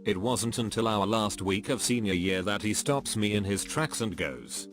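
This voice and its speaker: A man narrating a string of online stories in a flat, even storytelling delivery. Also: fairly low pitch, normal speed, few pauses, faint music behind. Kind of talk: reading online stories aloud.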